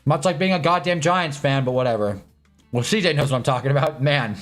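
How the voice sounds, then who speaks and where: A man at his desk mic hosts a live sports stream in casual talk. His voice sits at an ordinary middle pitch, and he rambles loosely, swearing as he chats with his viewers. Faint music plays softly under him. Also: fairly quick. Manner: loose and chatty, swears, talks to chat. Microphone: own desk mic.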